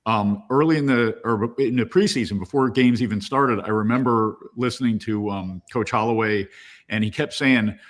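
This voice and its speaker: A man's voice: lowish voice, moderate pace. A man in a casual fan talk, speaking hopefully and hesitantly with many restarts. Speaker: co-host.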